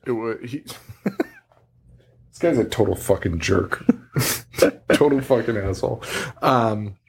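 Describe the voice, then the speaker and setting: A man's voice: medium pitch, lively intonation, slow, gravelly, a little hiss or hum. A man co-hosting a podcast, in a casual movie-review chat, laughing and swearing freely as he retells scenes. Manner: laughing, profane, storytelling. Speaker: podcast co-host.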